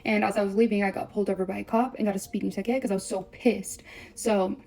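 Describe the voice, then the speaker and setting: A young woman telling a breakup story on a vlog, blunt and profane, swearing constantly in rapid run-on sentences. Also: mid-range voice, fairly even intonation, vocal fry, dark tone.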